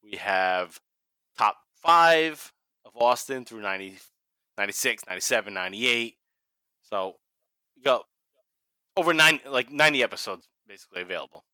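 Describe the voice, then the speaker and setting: Bright-voiced Boston man hosting a podcast. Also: medium pitch, animated, normal speed, pauses often, clear, resonant tone, dry recording. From Massachusetts. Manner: swears freely, laughs often. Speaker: podcast host. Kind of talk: casual podcast chat.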